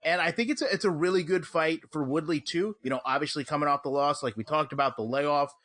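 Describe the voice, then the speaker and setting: A man's voice: on the high side, quick pace, fairly bright tone, dry recording. A man co-hosting a casual sports podcast, talking with wry, teasing banter. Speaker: podcast co-host.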